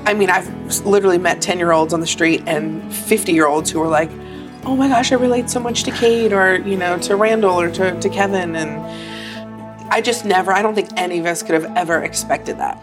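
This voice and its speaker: A woman being interviewed as an actor and singer, telling stories in a lively, emotional way. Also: fairly low pitch, fairly quick, music in the background. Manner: animated, emotional, acts out quotes. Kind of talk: casual storytelling interview.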